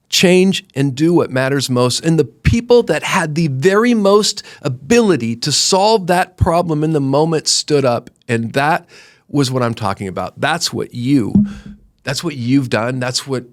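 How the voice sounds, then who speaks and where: A middle-aged man, a company founder, telling stories earnestly in an interview, animated, often restarting his sentences. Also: medium pitch. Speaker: guest, roofing company founder. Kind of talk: conversational interview storytelling.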